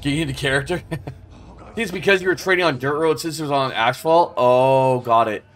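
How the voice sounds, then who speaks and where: A man's voice: mid-range voice, fairly quick, a bit bright, faint music behind. A man in his thirties streaming a game, chatting casually with chat and swearing as he plays. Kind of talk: casual gameplay commentary.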